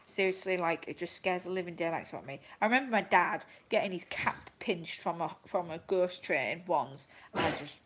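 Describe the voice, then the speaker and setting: A woman's voice: lowish voice, normal speed, hardly any pauses, fairly bright tone, slight background noise, rough recording. A woman, a vlogging mother, chatting on a casual livestream and rambling through stories with many fillers. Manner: rambling, filler-heavy storytelling with laughter.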